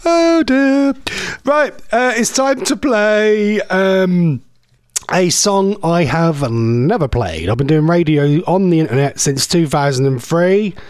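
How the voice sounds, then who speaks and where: A man's voice: on the high side, animated, slow pace, smooth, no echo, studio quality. A middle-aged man hosting an internet radio show, rambling and self-mocking in a casual DJ chat. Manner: rambling, chatty, self-mocking, laughs at own jokes. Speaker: radio host.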